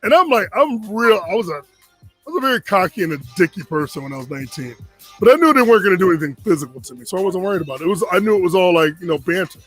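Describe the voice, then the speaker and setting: Guy from connecticut telling a wild story, high voice, does all the other people's lines. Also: very fast, faint music behind. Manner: animated, acts out quoted voices. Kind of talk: casual storytelling.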